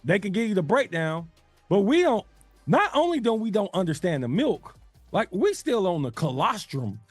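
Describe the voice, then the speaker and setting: A man, animated in a casual talk radio discussion, acting out the voices of people he quotes. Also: high-pitched, normal speed, husky, no room sound, faint music behind.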